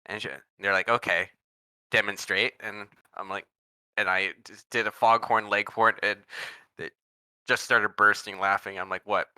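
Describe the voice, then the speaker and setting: A man's voice: on the low side, little pitch movement, normal speed, pushed and bright, clear, resonant tone, dry recording. A man chatting casually as a tabletop game player, telling a story with lots of fillers and restarts. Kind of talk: casual chat.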